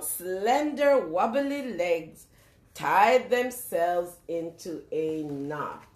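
Brief: female children's storyteller, slow and very expressive, sing-song, room echo. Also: medium pitch. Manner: animated, sing-song, asks the children questions. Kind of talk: reading a picture book aloud to young children.

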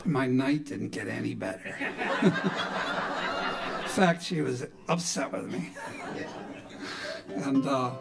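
A man's voice: mid-range voice, lively intonation, a little slow, creaky, long pauses. A middle-aged man from Milwaukee, a folk musician telling a rambling, folksy story on stage between songs, with lots of "you know". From Milwaukee, Wisconsin.

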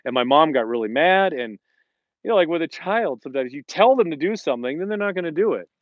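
A man's voice: a little high, expressive, quick pace, no echo. Chatty middle-aged man, dry lo-fi sound. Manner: rambling, chatty, acts out quoted lines. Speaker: fitness instructor and host. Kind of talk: casual live-stream chat. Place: home in the Colorado mountains.

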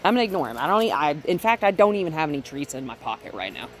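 A woman's voice: low voice, very animated, rapid-fire, soft background music. A woman dog trainer giving a casual, step-by-step demonstration at home, often checking in with "right?". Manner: chatty, explains step by step, often adds "right?". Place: at home and in the yard with her dogs.

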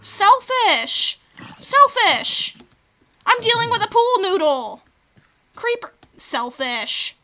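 A woman's voice: extremely high pitch, sing-song, slow pace, fairly bright tone. A woman hosting a video game let's play, chatting playfully and talking to the creatures on screen. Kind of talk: gaming commentary.

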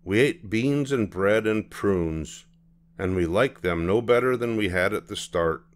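An older man reading a children's storybook aloud in a gentle, expressive manner. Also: lowish voice, measured pace. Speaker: storybook reader.

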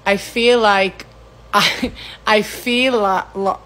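A young woman with a Californian accent who is attempting an Australian one as she chats to the camera. She talks slowly and haltingly and often repeats words to fix them. Her pitch sits in the middle of the range for a woman. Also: steady tone, fairly bright tone, rough recording. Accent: put-on Australian accent over a Californian one. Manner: halting and self-correcting, restarting words. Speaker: vlogger. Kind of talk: casual accent practice to camera.

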